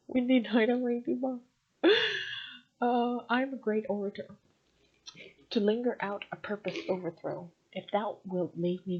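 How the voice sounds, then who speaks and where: Husky-voiced woman reading sonnets wryly. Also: fairly low pitch. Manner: wry and self-mocking, laughs at herself. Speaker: vlogger. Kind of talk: reading sonnets aloud with casual commentary. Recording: dull lo-fi home recording.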